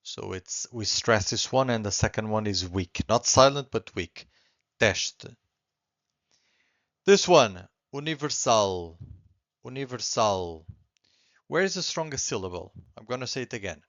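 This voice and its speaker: A man teaching a beginner language lesson, patiently repeating words slowly and clearly. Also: lowish voice, lively intonation, dry recording, muffled recording.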